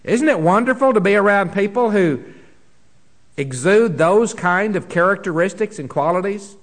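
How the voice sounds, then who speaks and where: A man preaching a sermon earnestly, swinging between emphatic lines and hushed ones, often repeating a word as he restarts. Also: high-pitched, expressive, normal speed. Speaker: pastor.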